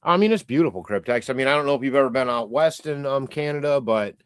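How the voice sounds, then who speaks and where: Rambling, lively-voiced male streamer. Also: medium pitch, quick pace, clean tone, dry recording, studio quality. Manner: rambling, irreverent, swears casually. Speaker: live stream host. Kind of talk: casual chat reading viewer comments. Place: lives in Canada.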